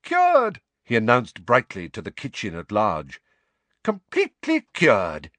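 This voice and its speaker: A man voicing a cheerful middle-aged father in an audiobook, with bright, exclaiming speech. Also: on the low side, animated, normal speed, dry recording. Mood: elated. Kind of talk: audiobook character voice.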